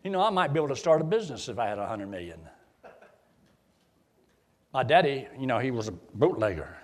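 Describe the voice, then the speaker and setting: A man's voice: mid-range voice, brisk. A middle-aged man preaching a sermon in a folksy, joking way. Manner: folksy, joking, animated delivery.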